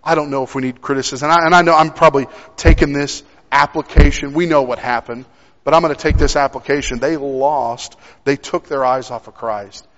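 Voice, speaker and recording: A man's voice: medium pitch, steady tone, brisk, fairly bright tone. A young man preaching a sermon, telling a personal story in a conversational way with frequent restarts. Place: church sanctuary. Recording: dull sound with long hall reverb.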